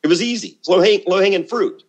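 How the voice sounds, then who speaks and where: A middle-aged man, a guest in a casual interview, telling brash, rambling stories full of restarts and quick asides. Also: high-pitched, highs cut off. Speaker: guest, former reality show contestant.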